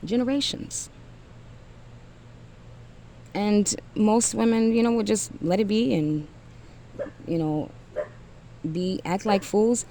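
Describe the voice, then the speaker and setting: A woman's voice: fairly low pitch, darkish tone, slight background noise. A woman giving a blunt, profane motivational rant to single mothers, emphatic and often trailing off with sighs.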